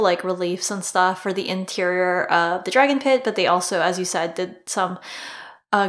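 A woman's voice: mid-range voice, a bit bright, roomy sound. A woman co-hosting a casual podcast chat, talking freely with many fillers and frequent laughs. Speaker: podcast co-host.

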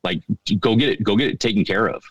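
A middle-aged man telling a story on a podcast in a halting, earnest way, often repeating his words. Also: lowish voice, husky, no echo, poor audio. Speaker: podcast guest. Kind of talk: casual storytelling.

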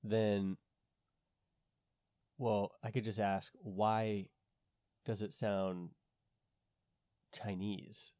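A man's voice: fairly low pitch, little pitch movement, very slow, pauses often, a little mellow, clear, resonant tone, no echo, clean studio sound. A man in casual conversation, skeptical and questioning, thinking aloud with frequent restarts.

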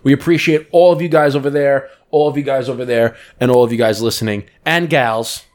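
A young man co-hosting a podcast in relaxed chat. He talks loosely and jokes around, dropping curse words along the way. His voice sits at an ordinary middle pitch. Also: fairly quick. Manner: loose, joking, swears often. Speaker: podcast co-host. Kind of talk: casual chat.

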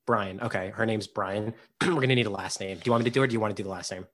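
A man's voice: on the low side, fairly even intonation, rapid-fire. A young man co-hosting a casual podcast, rambling and laughing, often repeating his words. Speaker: podcast co-host.

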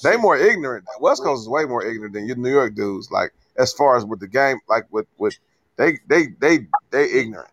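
A man's voice: medium pitch, sing-song, a little fast, no room sound. A man co-hosting a casual sports podcast, telling stories with mock voices and laughs. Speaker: podcast co-host. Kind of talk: casual group chat.

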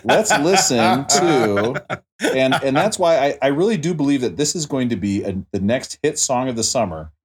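A man's voice: mid-range voice, animated, a little fast, a little hiss or hum. A man hosting a casual music podcast, joking and bantering with his guests. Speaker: podcast host.

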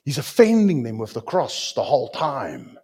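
Lively South African male preacher. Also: medium pitch, normal speed, breathy edge. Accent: South African English. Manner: lively, joking, switches to Afrikaans asides. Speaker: pastor. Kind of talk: sermon.

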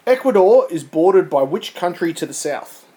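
Aussie guy running a quiz, teasing and jokey, fairly high voice. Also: sing-song, normal speed, mellow, poor audio. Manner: joking, teasing, reads questions aloud. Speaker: quiz host of a podcast. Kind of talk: casual chat.

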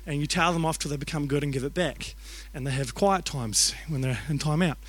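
A New man in his thirties preaches by telling stories, joking and acting out the voices of the people in them. His voice sits high and sounds bright and forward. The sound is dry and close. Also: a little fast, no room sound. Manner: animated, jokey storytelling with acted-out voices. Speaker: youth and kids pastor. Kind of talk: storytelling sermon.

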